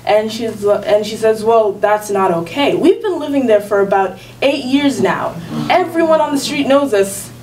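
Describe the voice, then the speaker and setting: A woman's voice: a little high, lively intonation, moderate pace, hardly any pauses, darkish tone, slight background noise. A teenage girl telling a personal story at a school event, talking casually with lots of fillers and laughter. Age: teens. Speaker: student storyteller. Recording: distant mic with faint room ambience.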